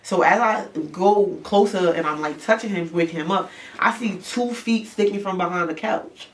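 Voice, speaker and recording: A young woman from New York, casually telling a story, animated and swearing, acting out the voices. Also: lowish voice, moderate pace. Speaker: rapper. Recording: distant mic, background noise.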